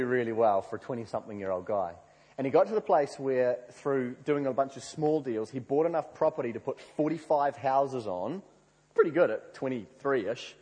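A man preaching a sermon, telling a story with lively acted-out quotes. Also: medium pitch, slightly rough. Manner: animated storyteller, acts out quoted prayers. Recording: reverberant hall.

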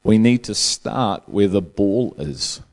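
Low-voiced man preaching with jokes. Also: animated, takes it slowly, darkish tone. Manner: joking storyteller, chuckles through his own jokes. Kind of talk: humorous sermon.

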